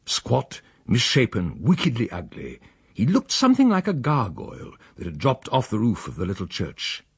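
A man reading a story aloud in an expressive, wry manner. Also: normal speed, creaky, husky, dry recording. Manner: expressive, sweeping pitch, wry. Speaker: narrator. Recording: dry close recording.

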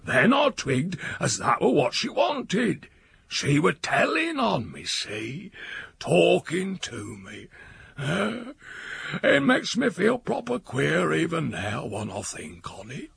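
Storybook old countryman, gravelly drawl, unhurried and sly, as a male reader puts him on. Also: a little high, huge pitch swings, a bit bright, voice pushed up, heavily acted. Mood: rueful. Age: older. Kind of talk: audiobook reading.

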